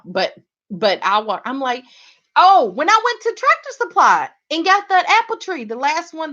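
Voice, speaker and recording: A woman hosts a gardening livestream, chatting casually with viewers and calling them y'all. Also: high-pitched. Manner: animated, addresses viewers as y'all. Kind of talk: casual chat reading viewer comments. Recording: slightly dull lo-fi livestream audio.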